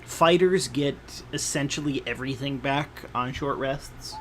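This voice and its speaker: Slow-talking game master. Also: mid-range voice, a little hiss or hum. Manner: slow, relaxed rulings with fillers. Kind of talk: running a tabletop game over an online call.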